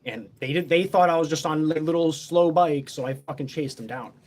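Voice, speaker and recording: A man's voice: a little high, fairly quick, darkish tone. A man telling a story in a casual, boastful, heavily profane, rambling way.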